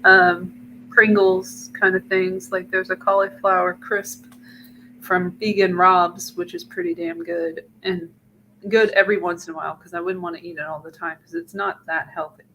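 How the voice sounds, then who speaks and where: A woman with a lower but bright, forward voice chats casually and easygoingly. She sits away from her microphone, and a faint hiss runs under the recording. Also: flat delivery, normal speed, low-quality recording. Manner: chatty, easygoing. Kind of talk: casual chat. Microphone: mic placed far away.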